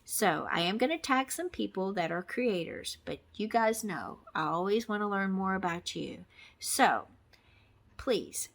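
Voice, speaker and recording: A woman's voice: mid-range voice, animated, a little slow, gravelly. A middle-aged woman from Texas chatting casually to camera in a crafting vlog, rambling with many ums and restarts. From Texas, USA. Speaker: crafting vlogger.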